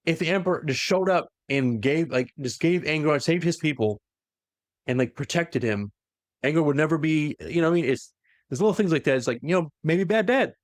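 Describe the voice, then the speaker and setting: A man's voice: on the high side, fairly quick, no room sound, clean studio sound. A young man co-hosting a podcast, casually retelling a story and acting out the quoted lines in funny voices. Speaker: podcast co-host.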